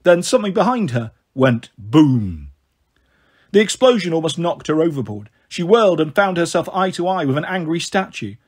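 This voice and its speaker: A man narrating a storybook in a steady reading voice. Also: on the high side, normal speed, slightly rough. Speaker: audiobook narrator.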